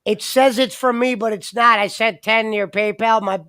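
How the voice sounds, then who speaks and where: A man with a high voice chats casually, making brief, offhand remarks. His speech sounds dry and close. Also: steady tone, normal speed, bright, forceful tone, dry recording. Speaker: guest. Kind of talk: casual chat.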